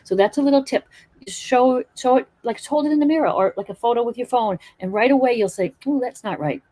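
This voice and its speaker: A woman's voice: a little high, brisk, warm tone. A woman teaching acrylic painting in a live stream, chatting and encouraging while she works. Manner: chatty, encouraging, thinks aloud while working.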